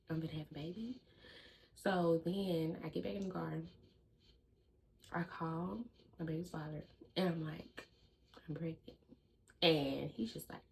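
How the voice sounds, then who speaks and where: Young adult woman, lively storyteller who talks straight to her viewers, slightly low voice. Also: vocal fry, poor audio. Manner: lively, chatty storytelling that addresses viewers as "y'all". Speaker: vlogger. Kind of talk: casual storytime.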